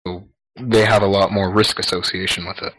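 Blunt, swearing Canadian man, lowish voice. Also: flat delivery, a little fast, a bit bright, husky, rough recording. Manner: blunt, swears freely, jokey. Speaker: podcast co-host. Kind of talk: casual podcast chat.

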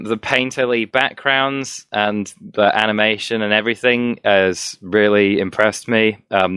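A man's voice: medium pitch, pushed and bright, smooth, no room sound. A man chatting casually as a podcast co-host, sarcastic and crude, enthusing about games.

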